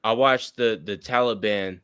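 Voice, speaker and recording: A man's voice: lowish voice, unhurried, fairly bright tone, clean tone, no echo. Blunt man in his thirties, dry sound. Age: 30s. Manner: blunt, crude, talks over others. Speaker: streamer in group chat. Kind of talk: casual chat.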